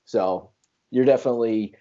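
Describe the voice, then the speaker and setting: A man's voice: medium pitch, moderate pace, mellow. A middle-aged man in a casual podcast chat, teasing his friends and laughing often. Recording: dull lo-fi sound.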